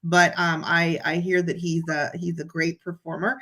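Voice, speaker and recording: A woman chatting as a guest, telling a story in an excited, animated way. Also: lowish voice, moderate pace. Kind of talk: casual chat.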